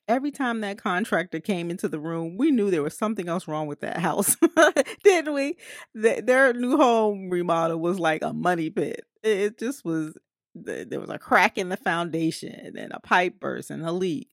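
Low-voiced chatty woman reviewer. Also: no room sound, clean studio sound. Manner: chatty and warm-hearted, laughs often, pauses with fillers. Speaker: movie reviewer. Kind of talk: casual spoken movie review.

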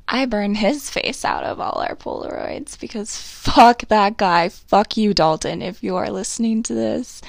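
A woman's voice: medium pitch, gravelly, dry recording. A young woman hosting her own podcast, chatting candidly and rambling, with frequent swearing. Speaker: podcast host. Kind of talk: confessional solo podcast chat.

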